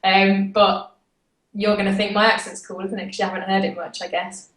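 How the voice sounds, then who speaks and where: A British woman chats easily as a guest on a video call, her voice at a middle pitch. She laughs often and turns questions back on the host. The sound is roomy, with noticeable echo. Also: flat delivery, a little fast, a bit bright, recorded from a distance. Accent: British English. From United Kingdom. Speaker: guest actress. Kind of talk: casual chat.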